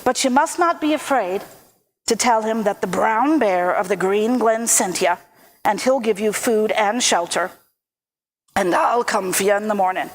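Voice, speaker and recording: A woman voicing a big, steady, helpful male brown bear in a told folk tale. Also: mid-range voice, a little slow, lightly acted.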